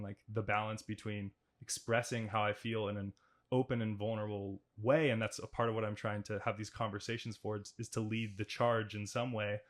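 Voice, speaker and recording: A young man hosting a podcast, talking in a loose, rambling way with many fillers and restarts. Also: lowish voice. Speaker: podcast host, athlete. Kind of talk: casual conversation.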